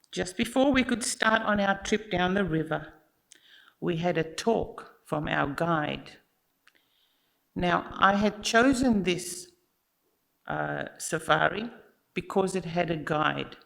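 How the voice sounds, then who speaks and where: A storyteller tells a tale at church at a slow, easy pace. The voice has a gravelly edge, a bright tone and a plain, expressive delivery that speaks right to the listeners. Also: mid-range voice, poor audio. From Australia. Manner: unhurried and expressive, addressing listeners directly. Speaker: children's story teller at church. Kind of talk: told story in a church service.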